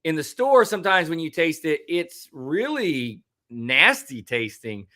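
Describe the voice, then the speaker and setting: Man, 30s, bright slightly high voice, rambling casual livestream chat. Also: sing-song, unhurried. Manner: easygoing, rambling, many fillers. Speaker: livestream co-host.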